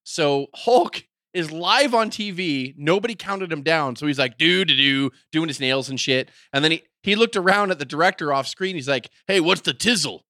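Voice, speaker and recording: A man hosting a podcast, telling a story in casual chat, animated and swearing freely. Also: a little high, moderate pace, hardly any pauses, no room sound, studio quality. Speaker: podcast host.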